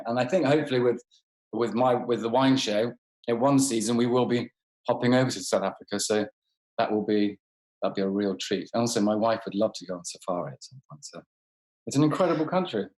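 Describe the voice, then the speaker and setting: A man's voice: medium pitch, a little fast, a little mellow. Rambling self-deprecating man, roomy sound. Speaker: actor guest. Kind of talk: casual interview over a call.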